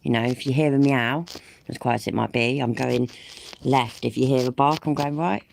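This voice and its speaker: A man's voice: medium pitch, steady tone, moderate pace, gravelly, a little hiss or hum. A man doing sarcastic, exasperated reaction commentary over police footage.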